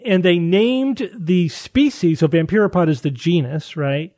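A man with a mellow, somewhat high voice talks through a science story in a loose, conversational way. He circles back on his words often, restarting sentences as he explains. The sound is dry and close, with little room around it. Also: a little slow, no room sound. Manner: explains at length with frequent restarts. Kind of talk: casual science chat.

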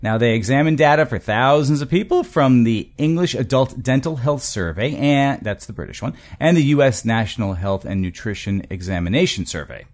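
A man's voice: mid-range voice, animated, normal speed, few pauses. A man co-hosting a casual podcast chat, talking hesitantly with many fillers and laughing often. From United States. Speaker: co-host.

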